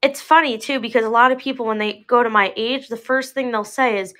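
A woman in her twenties chatting casually on a live sales stream, talkative and quick to laugh at her own slips. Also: a little high, steady tone, a bit bright. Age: 20s. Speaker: live online seller. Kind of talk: casual live-sale chat.

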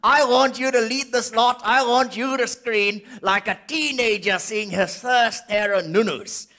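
A South African ventriloquist voicing a flamboyant, camp male puppet who calls everyone darling, with a raspy voice, performing live on a comedy stage. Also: very high voice, unhurried, pushed and bright, exaggerated voice. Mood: camp teasing. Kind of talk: stand-up ventriloquism.

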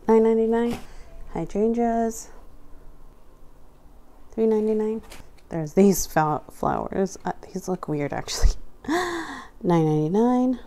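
A young adult woman with a mellow, mid-range voice and some vocal fry casually narrates an unboxing at home. As a vlogger opening a craft store grab bag, she reads out each item's price one by one, adding chatty asides.

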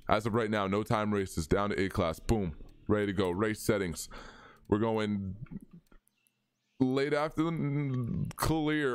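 A man's voice: fairly low pitch, clean tone, no room sound. A young man streaming a racing game live, chatting casually and answering viewers' chat as he plays.

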